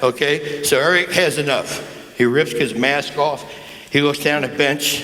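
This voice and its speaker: A man's voice: fairly high pitch, unhurried, pushed and bright. A man in his seventies telling folksy, crude after-dinner stories into a handheld mic in a large banquet hall, acting out the people he quotes. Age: 70s. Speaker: guest speaker. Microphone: handheld microphone. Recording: echoey banquet hall with faint noise.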